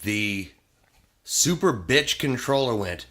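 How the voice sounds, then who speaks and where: A man's voice: lowish voice, normal speed. A middle-aged man, a podcast guest, telling stories in casual chat and acting out the people in them. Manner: animated storyteller, acts out quoted voices, swears freely.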